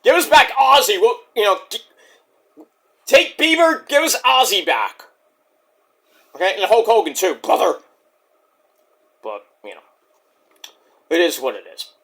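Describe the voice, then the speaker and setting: A man hosting a casual, profane wrestling review, jokey and animated, who keeps breaking into impressions. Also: high voice, normal speed, long pauses. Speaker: wrestling reviewer, channel host.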